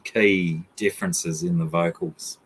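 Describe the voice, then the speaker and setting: A man's voice: sits low, steady tone, a little slow, a little hiss or hum. A man chatting casually and joking about himself between songs, with guitar music behind him. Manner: joking, self-deprecating, rambling. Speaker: guest singer.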